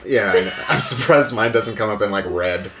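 A man's voice: fairly quick, crowd noise. A young man co-hosting a game let's play, chatting casually and laughing often. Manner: laughing often, swinging pitch for jokes.

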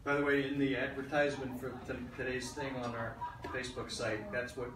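A man's voice: mid-range voice, little pitch movement, brisk. A man, the event host, adding casual remarks from the audience. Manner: brief, agreeable interjections. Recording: roomy echo from far off, hiss.

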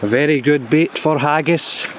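A man, a tour guide giving deadpan mock-documentary narration in short clipped phrases, out in a woodland. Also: a little high, measured pace. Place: woodland outdoors. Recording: outdoor noise behind the voice.

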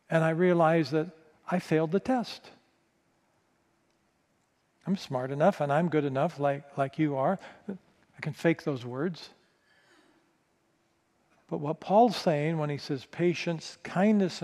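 A male pastor telling a candid, self-mocking story in a sermon, stumbling over quick restarts. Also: a little high, darkish tone. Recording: long reverb of a large hall.

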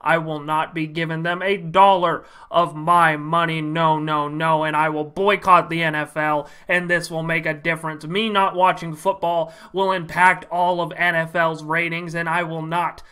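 A man's voice: a little high, flat delivery, moderate pace, hardly any pauses, pushed and bright, smooth. A man playing a self-important male football fan who is boycotting the league and makes stiff declarations. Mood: self-righteous.

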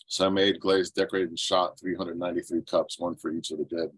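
Deep-voiced emotional American man. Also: level tone, a bit bright, husky, no room sound, rough recording. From United States. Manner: earnest, emotional, halting. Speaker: presenting ceramic artist, veteran. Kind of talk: webinar presentation. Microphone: computer mic on video call.

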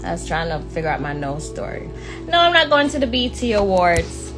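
A woman's voice: on the low side, big pitch swings, fairly quick, over music. A woman with a Jamaican accent chatting casually to viewers, blunt, outspoken and playful. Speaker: vlogger talking to viewers. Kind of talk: casual chat.

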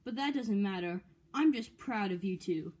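A woman voicing a kindly male railway boss who speaks with warm praise. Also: medium pitch, expressive, moderate pace, slightly rough. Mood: proud.

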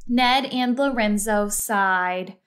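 A woman reading a children's storybook aloud in an expressive, slow read-aloud style. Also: medium pitch, clean tone. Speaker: storybook reader.

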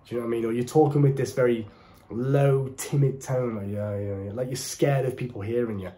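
Young British man, coaching monologue, mellow timbre, mid pitch, emphatic delivery. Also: fairly even intonation, a little hiss or hum. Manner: emphatic, deliberate, preachy. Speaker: dating coach. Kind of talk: direct-to-camera advice talk.

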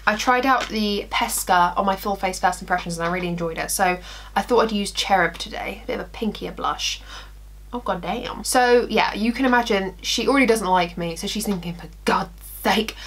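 A woman in her twenties, a beauty vlogger chatting through a story while doing her makeup. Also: mid-range voice. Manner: animated storytelling, acting out quotes, laughing.

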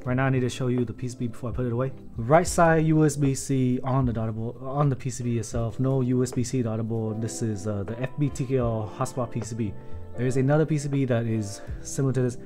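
A man riffing through a casual livestream as he works, excitable and quick to swear. His voice sits in an ordinary middle pitch, and he jokes with his viewers between tasks. Soft music plays faintly behind him. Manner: excitable, profane, joking, talks to chat. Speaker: keyboard builder streamer. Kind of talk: casual livestream commentary while building.

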